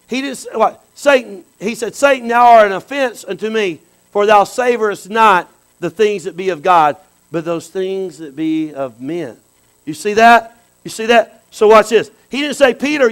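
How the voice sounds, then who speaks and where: A high-voiced man preaching a sermon. He talks to the congregation in a loose, lively way, drops low for asides and climbs into loud cries. The talk swings between quiet and loud. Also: poor audio. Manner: animated preaching that swings from soft asides to shouts. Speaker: pastor.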